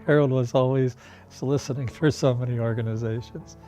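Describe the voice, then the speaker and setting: Older man, unhurried storyteller, warm dark tone, soft chuckles. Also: medium pitch, fairly even intonation, faint music behind. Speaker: interviewee. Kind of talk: documentary interview, reminiscing.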